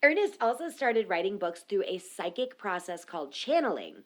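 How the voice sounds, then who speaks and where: A woman's voice: medium pitch, big pitch swings, normal speed. Giggly woman podcast host. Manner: reads research notes aloud, breaks into laughter. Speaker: podcast co-host presenting the topic. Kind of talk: casual comedic podcast chat.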